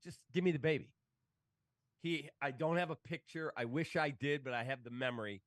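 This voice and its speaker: A sports broadcaster tells stories in casual conversation, animatedly acting out the voices of the people in them. His voice is mid-range and fairly quick, with no room sound.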